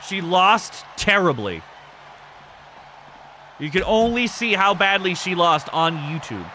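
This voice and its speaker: A man's voice: high voice, very animated, slow, pauses often, bright, forceful tone, a little hiss or hum. A man hosting a live game stream, commentating matches and chatting with viewers in a loose, laughing, foul-mouthed way.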